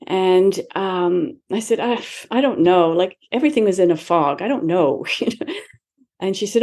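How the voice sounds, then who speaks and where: Woman, 70s, interview guest. Low and mellow, reflective storyteller who replays her own past dialogue. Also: expressive, normal speed. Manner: reflective, acts out her own past dialogue, laughs lightly between remarks. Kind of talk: personal storytelling in a casual interview.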